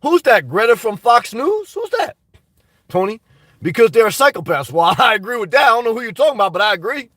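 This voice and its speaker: A high-pitched man talks casually to his live-stream viewers, rambling as he reads their comments back and answers them bluntly. A dry cough keeps breaking through. The sound is dry, with the mic set a little away from him. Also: sing-song, fast talker, a bit bright, no echo, far from the mic. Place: inside a car.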